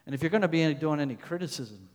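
A man's voice: a little high, lively intonation, very fast. A male pastor preaching a sermon, reading verses aloud and pressing his points with emphatic repetition. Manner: emphatic, rising to loud stresses then dropping soft; repeats phrases, reads scripture verses aloud. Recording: long hall reverb.

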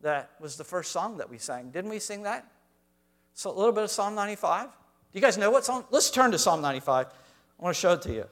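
A man preaching a sermon to a congregation, swinging between quiet asides and loud, emphatic lines. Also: sits high, very animated, fast. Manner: reads scripture aloud, addresses congregation directly. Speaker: pastor.

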